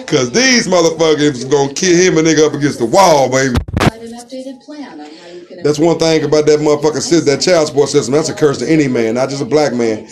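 A man telling stories in a casual chat, loud and animated, acting out the voices of the people in them. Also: a little high, a little fast, a crowd in the background. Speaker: storyteller in a casual conversation.

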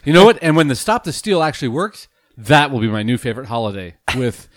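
Sarcastic man with a lively voice. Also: medium pitch, fast, no room sound. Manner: sarcastic, dry jokes. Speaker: podcast co-host. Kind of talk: casual chat.

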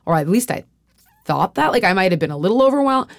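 Podcast host, woman, candid and profane, rambles through stories with restarts, mid-pitched, dry close sound. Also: sing-song, quick pace, vocal fry, dry recording. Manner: frequent fillers and restarts. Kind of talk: casual podcast chat.

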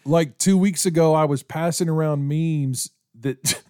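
A man's voice: on the high side, unhurried, dark tone, smooth. A man in his forties on church staff, hosting a casual podcast chat, rambling with many restarts.

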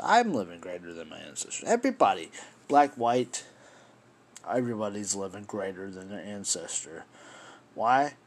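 This solo podcast host has a lowish voice with a darkish tone. He goes on an impassioned, rambling political rant, swearing and referring to his audience as folks.

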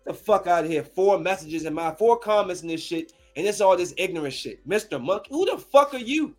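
Heated high-voiced man ranting. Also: lively intonation, a little fast, faint music behind. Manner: heated, profane, confrontational. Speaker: streamer addressing his viewers. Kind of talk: angry rant to camera.

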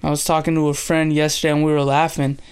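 Gravelly casual devotional host. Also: medium pitch, little pitch movement, quick pace. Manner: retells scripture in slangy everyday speech; acts out dialogue with shifts in voice.

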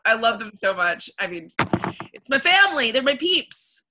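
A woman's voice: fairly high pitch, very animated, moderate pace, noisy background. A young woman from Canada, co-hosting a casual podcast chat, talking loosely with many ums and likes and laughing often. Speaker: podcast co-host. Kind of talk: casual chat recapping a reality show.

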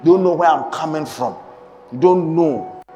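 A man's voice: on the high side, moderate pace, dark tone, lo-fi sound. A man preaching a sermon, emphatic and firing pointed, repeated questions at the congregation. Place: church hall. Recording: echoey hall with music.

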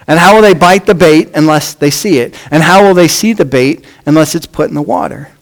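A man preaching a sermon, with measured phrasing that drops off at the ends of lines. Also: fairly high pitch, poor audio. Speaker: pastor.

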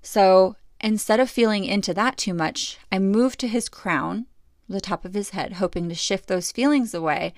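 Woman, middle-aged, low gravelly voice, earnest storytelling, reflective, dry close sound. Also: normal speed, no echo. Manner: reflective, earnest, frequent fillers. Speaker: podcast host. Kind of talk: personal storytelling.

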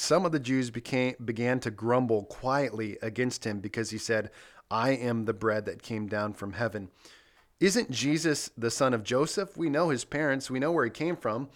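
A middle-aged man co-hosting a casual devotional chat, earnestly walking through his Bible study points one by one. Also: mid-range voice. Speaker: podcast co-host leading Bible discussion.

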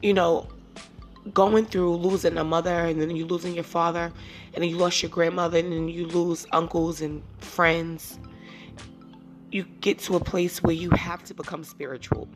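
A woman's voice: lowish voice, little pitch movement, normal speed, faint music behind. A woman in her thirties hosting a casual solo podcast, talking candidly and rambling, sometimes teary and emotional. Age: 30s. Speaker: podcast host.

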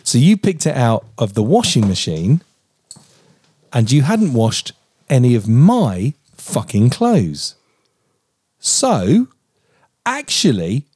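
A man in his forties co-hosting a podcast, telling a story in animated, mock-outraged casual chat and swearing freely. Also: medium pitch, slightly rough, dry recording, studio quality. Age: 40s. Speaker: podcast co-host.

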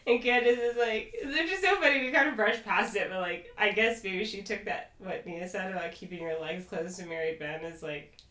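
A young adult woman co-hosting a podcast, recapping a reality show in casual, animated chat and acting out quoted lines. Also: mid-range voice, moderate pace. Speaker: podcast co-host. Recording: echoey room, off-mic.

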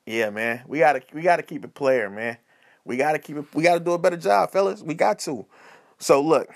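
A high-voiced man hosting a podcast, talking in a casual comedic advice style. His delivery is animated and preachy, full of slang and repeated phrases. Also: fairly quick, gravelly. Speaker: podcast host.

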